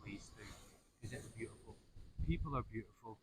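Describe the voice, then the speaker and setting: A man's voice: on the low side, moderate pace. A man with a Donegal Irish accent, a travel vlogger chatting casually to camera outdoors on a beach in a rambling, easygoing way, with slang and swearing. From Donegal, Ireland. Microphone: clip-on mic. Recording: outdoor wind noise.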